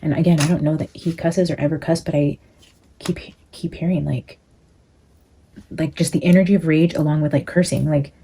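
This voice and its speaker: A woman's voice: deep voice, steady tone, fast, hardly any pauses, dark tone, a little hiss or hum, poor audio. A woman reading tarot cards and channeling a spirit, talking intensely with frequent swearing and filler words. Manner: intense, profane, lots of "like" fillers. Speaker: tarot reader and medium. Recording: music playing under the voice.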